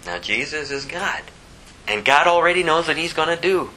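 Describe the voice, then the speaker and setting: A man preaching a sermon, moving between impassioned rising emphasis and hushed, slower scripture reading. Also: a little high, expressive, a little hiss or hum, low-quality recording. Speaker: pastor.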